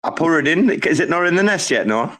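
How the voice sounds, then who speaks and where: A man's voice: on the high side, sing-song, a little fast, a bit bright. A man hosting a casual live audio roundtable, talking in a rambling, stop-start, jokey way. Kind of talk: casual chat.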